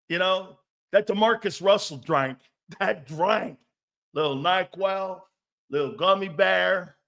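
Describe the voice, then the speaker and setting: A man's voice: high voice, slow pace, vocal fry, long pauses, a bit bright. A man hosting a casual sports talk show, joking, rambling and laughing often between his points.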